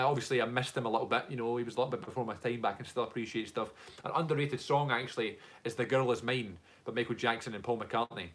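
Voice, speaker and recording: A young man with a Glaswegian Scottish accent, chatting casually on a live stream and reading out viewer comments in a rambling way, full of fillers. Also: mid-range voice. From Scotland, Glasgow. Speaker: music reaction streamer.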